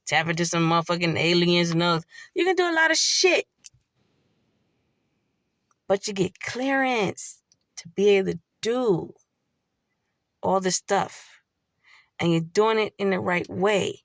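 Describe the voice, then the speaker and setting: A woman's voice: mid-range voice, animated, a little slow, long pauses, fairly bright tone, no room sound, clean studio sound. A woman giving a blunt, heavily profane spiritual monologue in a preachy way. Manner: blunt, heavy swearing, preachy. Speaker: spiritual vlogger.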